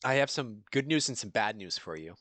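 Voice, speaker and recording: A man running a tabletop game as game master, narrating in a halting way full of "you know" fillers. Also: on the low side, expressive.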